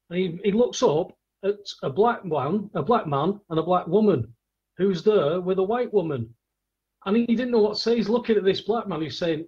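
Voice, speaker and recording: Husky-voiced man telling rambling stories. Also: high voice, moderate pace, darkish tone, dull audio. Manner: rambling anecdotes, acts out the voices of the people in his stories. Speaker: podcast host. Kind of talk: casual storytelling chat.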